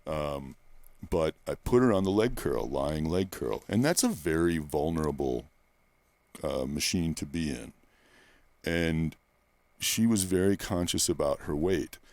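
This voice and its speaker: Blunt, low-voiced male fitness trainer. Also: animated, unhurried, darkish tone, no echo. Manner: blunt, profane, rambling storyteller. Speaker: personal trainer. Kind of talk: candid interview conversation. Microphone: close microphone.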